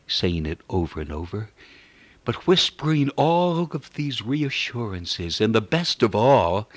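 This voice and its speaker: A man preaching a sermon in an earnest, measured way, reciting scripture as he goes. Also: lowish voice, no echo.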